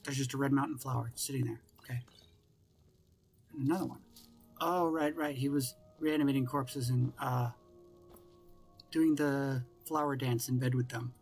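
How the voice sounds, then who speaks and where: Gravelly man muttering through a game. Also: mid-range voice, steady tone, moderate pace, long pauses, a little mellow, faint music behind. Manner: wry, mutters to himself and the game. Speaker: gameplay commentator. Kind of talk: casual let's-play commentary.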